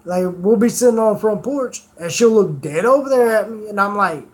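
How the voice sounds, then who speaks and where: A man's voice: high-pitched, expressive, a little fast. A man streamer telling rambling stories in casual chat, swearing freely.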